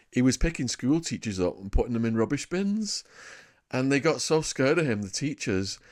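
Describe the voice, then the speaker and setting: A man in his fifties from England with a northern English accent, a podcast guest telling lively anecdotes about his life in a casual interview. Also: medium pitch. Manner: lively anecdotal storyteller, laughs at his own tales.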